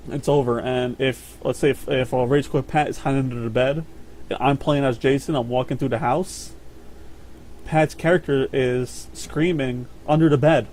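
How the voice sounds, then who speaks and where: A man's voice: medium pitch, a little mellow, a little hiss or hum. A man hosting a casual podcast chat about games, rambling and swearing, often repeating his words. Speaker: podcast host.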